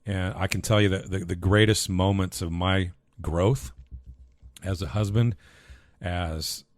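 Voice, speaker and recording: Deep-voiced earnest man, dry close mic. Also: fairly even intonation, measured pace, no room sound. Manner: heartfelt, earnest, often repeats words as he restarts. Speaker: podcast co-host, husband and father. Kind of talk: casual podcast conversation.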